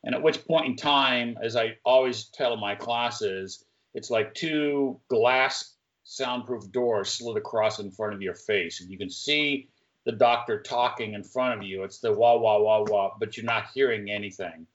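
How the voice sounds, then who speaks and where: A man's voice: mid-range voice, measured pace, fairly bright tone. A retired firefighter, a man, candidly telling his story step by step as a podcast guest. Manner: candid, plain-spoken, telling events step by step. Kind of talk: conversational interview storytelling. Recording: dull lo-fi recording.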